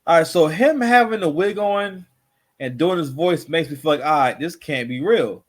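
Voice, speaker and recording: A man's voice: a little high, normal speed. A man hosting a casual reaction commentary show, rambling and repeating himself with constant filler phrases.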